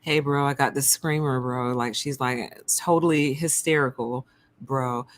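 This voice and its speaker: A woman's voice: extremely low pitch, fairly even intonation, unhurried, pitched below the performer's own voice. A woman voicing a callous young male anesthesiologist who sneers at his patients and talks like a bro. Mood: scornful bro-talk. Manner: sneering, dismissive.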